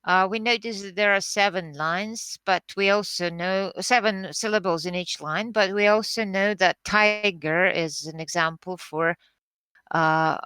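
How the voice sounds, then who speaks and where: Slow, bright-voiced woman lecturing. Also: medium pitch, clean tone, no room sound. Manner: careful, explanatory, with frequent fillers and restarts. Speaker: teacher. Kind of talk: recorded lecture on poetry meter.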